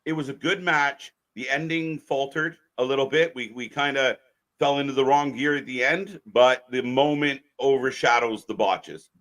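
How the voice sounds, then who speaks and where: Hype guy on a wrestling stream, bright sharp voice, keeps calling the viewers folks. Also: mid-range voice, normal speed. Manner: animated, swears, talks to viewers as folks. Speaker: co-host of a wrestling watch-along stream. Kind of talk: live alternative commentary chat.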